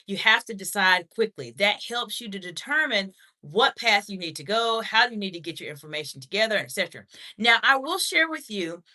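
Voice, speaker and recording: A woman's voice: medium pitch, sharp tone. A woman hosting a live question-and-answer stream on leadership communication, reading viewer comments and answering in a direct, encouraging way.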